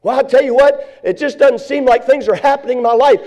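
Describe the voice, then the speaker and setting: Male pastor, high-pitched, sermon delivery with rising shouted emphasis. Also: fairly quick.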